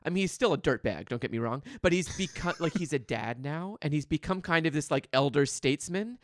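A man co-hosting a podcast, telling a story wryly with plenty of "like"s. His voice sits a touch high and moves a lot, recorded dry and close. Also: animated, a little fast, no echo. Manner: wry, storytelling, full of "like" fillers. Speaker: podcast co-host. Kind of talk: casual chat.

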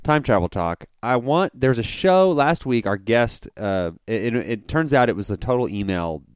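A man's voice: medium pitch, lively intonation, moderate pace, smooth, no room sound, studio quality. A man hosting a podcast in casual chat, playful, laughing a lot and often restarting his sentences. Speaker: podcast host.

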